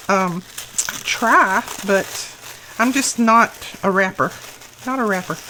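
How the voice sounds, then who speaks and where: Middle-aged woman, craft vlog host, unhurried delivery, effusive, gushing over every item. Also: mid-range voice, sharp tone, slight background noise. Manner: slow, lingering delivery. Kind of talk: unboxing happy mail.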